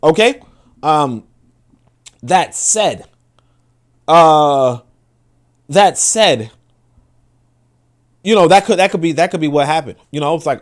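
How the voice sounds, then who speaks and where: A man's voice: fairly high pitch, animated, a little slow, long pauses. A man hosting a live stream, rambling in casual commentary with lots of fillers and swearing.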